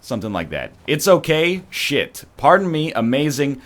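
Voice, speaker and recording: A man's voice: medium pitch, normal speed, hardly any pauses. A young man chatting casually with viewers while he plays a game, rambling between topics and trying out impressions. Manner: animated, rambling, tries celebrity impressions. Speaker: streamer.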